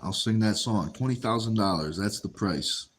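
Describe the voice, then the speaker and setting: Reading out viewer comments on his casual livestream, a man responds in an easygoing manner and tends to say phrases twice. He talks at a moderate pace in a lowish register, with slight noise behind him.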